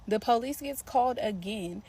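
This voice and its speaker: A woman telling a personal story in a casual, animated way, talking straight to her viewers and laughing often. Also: fairly high pitch, moderate pace, a little hiss or hum.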